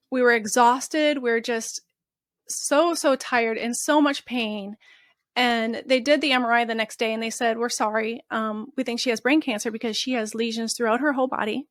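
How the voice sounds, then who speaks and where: A woman's voice: on the high side, no room sound. A woman guest telling an emotional story in an interview, earnest and candid. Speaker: guest, mother of a patient.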